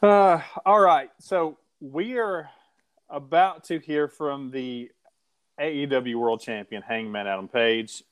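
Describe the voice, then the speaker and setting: A man's voice: mid-range voice, slow, clear, resonant tone. An American man hosting a casual podcast, rambling with restarts and laughing often. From USA. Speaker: podcast host. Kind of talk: casual chat.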